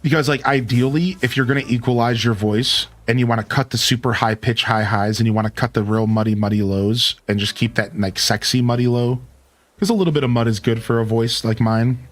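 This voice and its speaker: A young adult man chatting casually on a live stream into a studio microphone, laid-back and animated, his voice peaking and dropping, with lots of "like" and "dude". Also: mid-range voice, a little fast. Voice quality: dynamic voice that peaks and drops. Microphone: studio mic with equalizer and cutoff.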